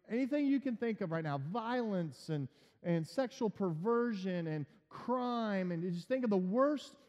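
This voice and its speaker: A man preaching a sermon in a high, warm voice. He explains the text patiently and then rises to emphatic peaks. The sound is dull and lo-fi, with a long, lingering reverb. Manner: explanatory, builds to emphatic climaxes. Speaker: pastor.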